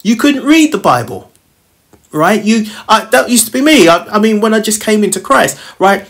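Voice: medium pitch, very animated, normal speed. A Bible study teacher reading verses aloud and explaining them in plain, informal talk, often ending phrases with "right?" and chuckling now and then. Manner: ends many phrases with a questioning "right?"; chuckles lightly while explaining.

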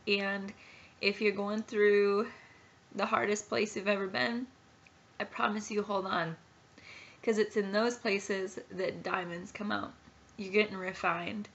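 A woman's voice: mid-range voice, a bit bright. A woman in her thirties giving an earnest, heartfelt personal testimony in a home vlog. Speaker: Christian sharing her testimony. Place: home nursery. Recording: dull lo-fi recording.

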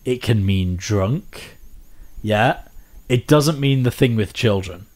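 A man's voice: lowish voice, animated, slow pace, a little mellow. A man hosting a casual radio chat show, teasing and chatty, rambling as he runs the segments.

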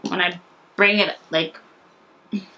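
A woman vlogging with breathless excitement, repeating herself as she talks. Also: on the low side, measured pace, a little hiss or hum, poor audio. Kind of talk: casual vlog.

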